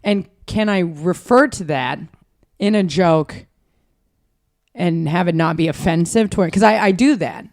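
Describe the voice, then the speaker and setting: A woman's voice: on the low side, a little slow, a little mellow. An American woman comedian with an East Coast accent, telling stories animatedly and swearing freely as a podcast guest. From United States. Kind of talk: casual interview chat.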